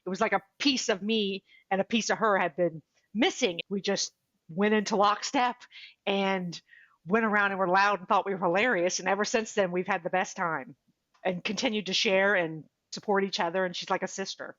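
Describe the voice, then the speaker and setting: A woman's voice: medium pitch, moderate pace, no echo, highs cut off. A woman guest on a podcast interview, telling her story with animation and acting out what people said. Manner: animated, acts out quoted dialogue. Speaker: podcast guest, author and speaker.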